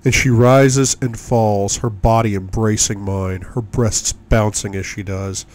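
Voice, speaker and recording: Man reading an audiobook in a low voice. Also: steady tone, a little mellow. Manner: intimate, measured first-person reading. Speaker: audiobook reader. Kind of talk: audiobook narration.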